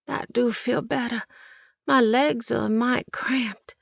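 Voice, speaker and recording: A woman's voice: fairly high pitch, fairly even intonation, slow pace, vocal fry, no echo, studio quality, pitched above the performer's own voice, heavily acted. A woman voicing a young, sleepy orphan girl with folksy country speech.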